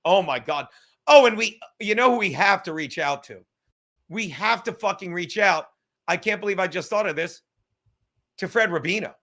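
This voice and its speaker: Excitable, profane man with a bright, high voice. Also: normal speed. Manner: rambling, excitable, swears a lot, laughs often. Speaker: podcast host. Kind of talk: casual profane livestream chat.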